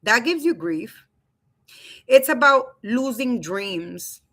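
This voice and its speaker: A woman's voice: fairly high pitch, lively intonation, slow pace, sharp tone. A woman in her thirties or forties hosting a casual live stream from home on a webcam, chatty and loose, often calling her viewers "you guys.". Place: home room.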